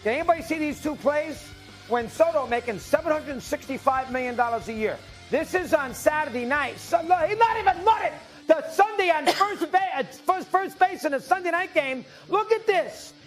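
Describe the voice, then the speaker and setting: An older man ranting loudly and indignantly, firing off rapid sports opinions in a TV studio. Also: very high voice, lively intonation, faint music behind. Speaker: sports debate guest. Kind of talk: sports debate rant.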